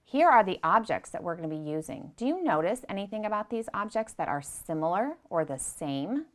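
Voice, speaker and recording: A young woman teaching preschoolers, gentle and patient, speaking slowly and clearly and repeating her directions. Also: medium pitch, big pitch swings. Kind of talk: slow, clear lesson for young children.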